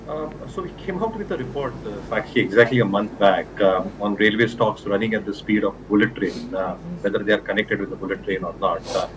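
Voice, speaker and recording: Indian English research analyst, lowish voice, measured explanation, clear noise behind. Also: male voice. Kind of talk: remote guest commentary.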